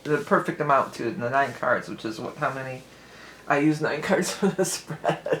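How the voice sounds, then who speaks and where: A woman's voice: extremely low pitch, animated, normal speed, echoey room. A talkative woman lays out a tarot reading in a loose, rambling way, laughing lightly as she drifts between tangents. Her voice rings around a reflective room, with a faint hiss of background noise underneath. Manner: chatty, rambling, laughs often. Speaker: tarot reader.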